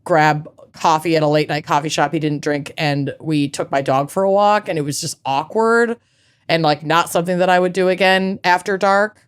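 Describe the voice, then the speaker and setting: A woman's voice: sits low, fairly even intonation, moderate pace, clear, resonant tone. A woman in her thirties co-hosting a casual podcast chat, frank and swearing freely. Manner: frank and profane. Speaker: podcast co-host.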